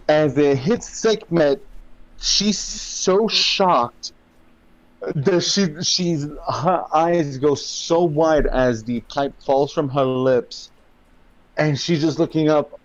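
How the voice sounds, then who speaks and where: A man's voice: a little high, a little mellow, dry recording, lo-fi sound. A man narrating a tabletop game as dungeon master, drawing out his dramatic descriptions. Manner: slow, drawn-out dramatic narration with swearing.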